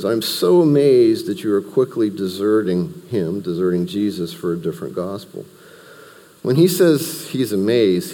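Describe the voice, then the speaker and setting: A man's voice: low-pitched, dark tone, long reverb tail. A man teaching a Bible study, talking through the text verse by verse in a conversational way with asides and restarts.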